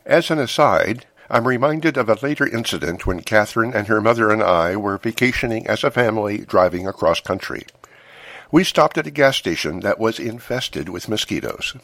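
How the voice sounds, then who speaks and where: Deep-voiced man reading a memoir. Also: animated, moderate pace, a bit bright, dry recording. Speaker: memoir narrator. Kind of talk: first-person memoir narration.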